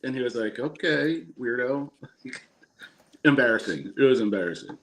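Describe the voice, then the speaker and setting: A man's voice: mid-range voice, animated, normal speed, fairly bright tone, a little hiss or hum. A man in casual podcast chat, telling funny anecdotes and laughing as he acts out what people said. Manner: laughs through his stories, quotes people.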